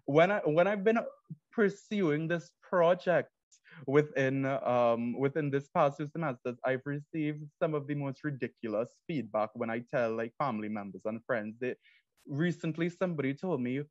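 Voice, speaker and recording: A man's voice: mid-range voice, moderate pace, no echo, dull audio. A young man from Trinidad and Tobago with a Trinidadian accent, giving an earnest, explanatory student presentation. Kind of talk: academic presentation.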